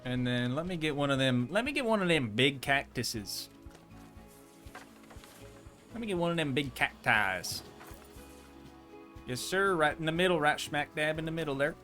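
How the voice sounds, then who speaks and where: A man's voice: on the high side, animated, moderate pace, pauses often, sharp tone. A man streaming a park-building game, chatting casually and playfully with his viewers in rambling asides. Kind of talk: casual game livestream chat. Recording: faint music in background.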